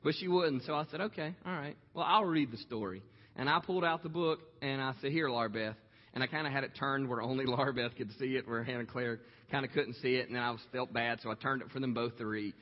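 A man in his thirties preaches, telling a story in a slow, heartfelt way with many "um" pauses. His voice carries a long reverb, as if in a large hall, and the sound is a bit muffled and lo-fi. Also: medium pitch, fairly even intonation. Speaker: pastor. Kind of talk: sermon storytelling. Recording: echoey hall, dull lo-fi sound.

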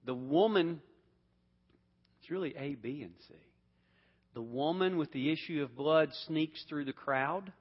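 Slightly high and a little slow, with frequent pauses, a man runs an interactive Bible class full of questions to the group, repeated words and restarted sentences. The room adds a long hall reverb to a dull sound.

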